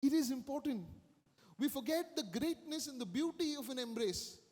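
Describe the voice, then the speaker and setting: Priest preaching, very high voice, long church echo, emphatic, repeats his points. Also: normal speed, darkish tone. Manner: emphatic, repeats key phrases, acts out quoted lines. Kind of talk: sermon.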